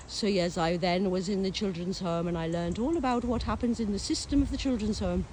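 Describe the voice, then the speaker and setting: A woman's voice: medium pitch, fairly quick, hardly any pauses, darkish tone, slight background noise. A woman from England telling her own life story in a casual monologue, theatrical and sardonic, swearing, acting out voices and mocking herself. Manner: theatrical, swears, acts out voices, breaks into song; sardonic, self-mocking asides.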